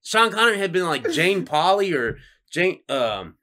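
A man's voice: high voice, very animated, normal speed, bright, forceful tone. A man co-hosting a casual podcast, loose and laughing while tipsy, slipping into celebrity impressions. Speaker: podcast co-host. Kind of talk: casual drunk banter.

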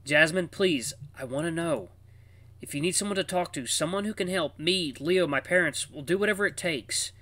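A man's voice: fairly high pitch, moderate pace, pushed and bright, no echo, pitched above the performer's own voice. A man voicing an earnest young anthropomorphic man who speaks hesitantly and pleads. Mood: pleading.

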